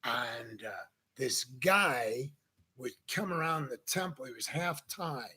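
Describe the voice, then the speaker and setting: Husky, bright-voiced man telling a story. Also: medium pitch, slow pace. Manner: animated anecdote-telling, acting out quoted people. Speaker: podcast host. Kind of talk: casual storytelling chat.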